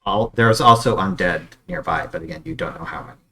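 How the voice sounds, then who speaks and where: A man's voice: deep voice, brisk, pushed and bright. A man narrating as dungeon master, describing scenes with many ums and uhs over an online call. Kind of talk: narrating a tabletop game.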